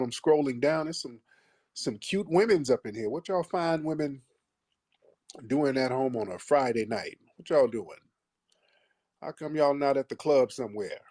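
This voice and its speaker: A man hosting a live call-in stream, mocking and insulting his callers bluntly with slow, drawn-out put-downs. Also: medium pitch, a little mellow, breathy edge, no echo, studio quality. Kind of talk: combative call-in show talk.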